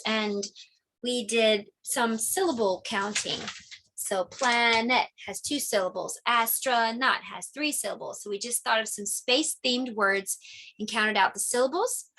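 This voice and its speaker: A woman's voice: a little high, sharp tone. A woman casually walking through preschool lesson ideas, chatty and explaining step by step. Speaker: teacher sharing lesson ideas. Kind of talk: casual instructional vlog.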